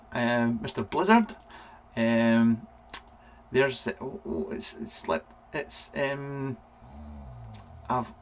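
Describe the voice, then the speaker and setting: A Scottish man hosting a casual live vlog, rambling through viewer names with lots of ums. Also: mid-range voice. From Scotland. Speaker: vape reviewer and live vlog host. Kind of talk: casual live-stream chat.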